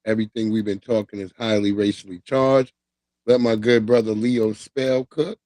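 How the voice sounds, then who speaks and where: A man's voice: lowish voice, fairly even intonation, normal speed, dark tone, no room sound. A man from the United States hosting a livestream in casual chat, blunt and laid-back with rambling opinions. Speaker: livestream host.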